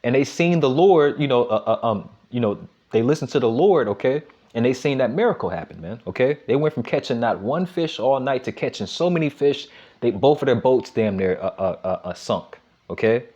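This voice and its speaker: A man's voice: mid-range voice, lively intonation. Middle-aged man teaching scripture, lo-fi. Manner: checks in constantly with "all right?" and "okay?", reads verses slowly and louder. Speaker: Bible teacher. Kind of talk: street-style Bible teaching. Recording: dull lo-fi recording.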